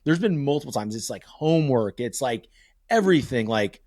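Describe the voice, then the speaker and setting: A man's voice: medium pitch, animated, moderate pace, a little mellow, no room sound. A man in his thirties hosting a casual podcast, telling stories animatedly and swearing freely. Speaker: podcast host.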